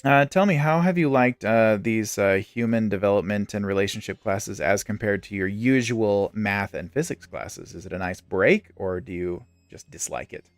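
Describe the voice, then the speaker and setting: A man's voice: on the low side, normal speed, hardly any pauses, dry recording. A young man streaming a game, chatting and joking while telling stories. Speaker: gaming streamer. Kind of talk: casual chat while playing a game.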